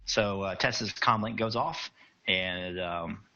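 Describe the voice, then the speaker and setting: A man's voice: deep voice, slow, sharp tone, lo-fi sound. A man narrating a tabletop role-playing game as game master, in a casual, hesitant way.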